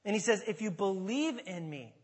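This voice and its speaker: A man delivers a sermon from the pulpit, his voice sitting high for a man. He moves between hushed teaching and loud, ringing proclamation. The sound carries a long reverb, as in a large church sanctuary. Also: animated, normal speed, slightly rough. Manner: dynamic preaching, swells to shouting on scripture. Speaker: pastor.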